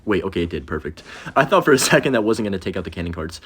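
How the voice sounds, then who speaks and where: A young man giving casual, rambling commentary over his own gameplay, self-deprecating and reacting quickly to each play. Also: low-pitched, big pitch swings, fairly bright tone, slightly rough. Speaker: gaming commentator.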